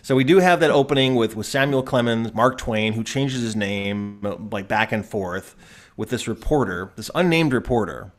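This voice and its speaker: A man's voice: medium pitch, moderate pace. A man co-hosting a podcast, chatting casually and jokingly about a TV episode and dropping into goofy voices now and then. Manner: chatty, jokey, often slips into goofy voices. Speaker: podcast co-host.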